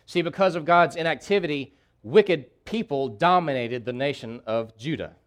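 A man's voice: a little high, moderate pace. Impassioned preacher man repeating for emphasis. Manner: impassioned preaching with emphatic repetition, voicing a prophet's pleas. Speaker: pastor. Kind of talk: sermon.

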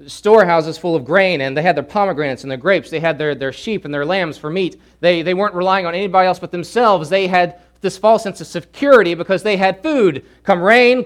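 A man preaching a sermon, swinging from loud urgent pleading to hushed, low asides. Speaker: pastor.

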